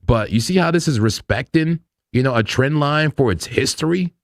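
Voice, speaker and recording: Expressive and moderately paced, this medium-pitched male voice belongs to a crypto trading stream host giving loose, slangy live market commentary. He laughs a lot while going over charts, and the recording is dry and studio-clean.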